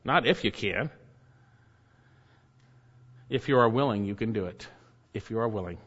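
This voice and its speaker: Emphatic preacher in a dull echoing hall. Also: male voice, lowish voice, normal speed, a bit bright, husky. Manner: emphatic, rises sharply when reading quotes. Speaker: pastor. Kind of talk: sermon.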